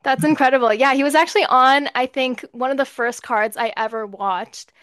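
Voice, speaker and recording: A woman hosting an interview, reacting warmly and asking questions with hesitant fillers. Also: high voice, steady tone, normal speed, dry recording, clean studio sound. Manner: friendly and enthusiastic, with hesitant fillers. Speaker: interview host.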